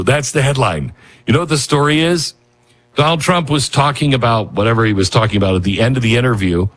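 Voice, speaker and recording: A male talk radio host speaking in a rambling, self-mocking monologue, with sudden shouts and acted-out quotes. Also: medium pitch, fast talker.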